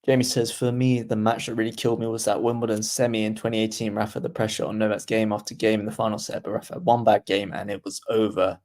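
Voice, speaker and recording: A man's voice: on the low side, little pitch movement, a little mellow. Chatty man calling tennis play-by-play. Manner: chatty, reads viewer comments aloud, quickens during rallies. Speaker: livestream tennis commentator. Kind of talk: casual play-by-play watchalong commentary.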